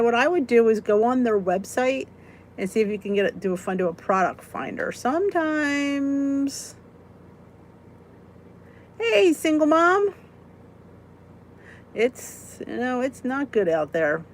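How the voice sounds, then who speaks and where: A woman's voice: on the high side, animated, moderate pace, a little hiss or hum. A woman hosting a casual live weight-loss chat, answering viewer comments in a chatty, giggly way. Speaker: weight-loss vlog host.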